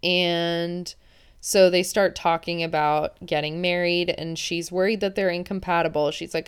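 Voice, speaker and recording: A woman's voice: lowish voice, flat delivery, unhurried, smooth. A woman hosting a podcast, recapping a reality show in chatty, opinionated talk full of "like". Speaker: podcast host.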